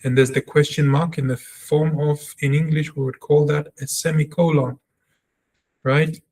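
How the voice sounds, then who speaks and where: A man's voice: a little high, flat delivery, normal speed, darkish tone, husky. A man teaching a language lesson, reading example sentences aloud and explaining them step by step, repeating sounds for practice. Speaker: Hebrew teacher.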